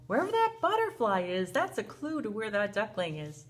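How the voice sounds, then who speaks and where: A woman teacher reading a picture book aloud to young children in an animated way, gasping and asking them questions. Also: medium pitch, normal speed, few pauses, slight background noise.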